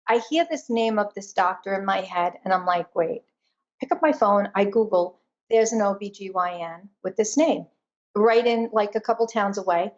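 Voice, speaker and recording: A woman guest telling a personal story in an animated, emphatic way during a conversation. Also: mid-range voice, measured pace, dull audio. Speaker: guest, energy intuitive.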